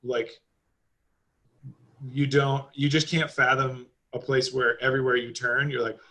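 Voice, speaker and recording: A man talking as a guest on a casual podcast, with a bright, forward tone. He rambles through his stories, piles on fillers and swears freely. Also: medium pitch, flat delivery, a little slow, low-quality recording. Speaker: podcast guest, driving school owner.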